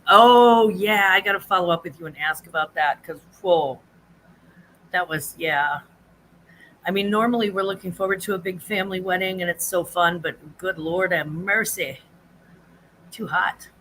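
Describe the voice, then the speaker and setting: A chatty woman hosts a casual livestream, her voice bright and forward. She rambles from one thought to the next and greets her viewers by name in a high sing-song. A faint hum of room ambience sits under her voice. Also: normal speed, rough recording. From United States. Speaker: livestream host. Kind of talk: casual live chat with viewers.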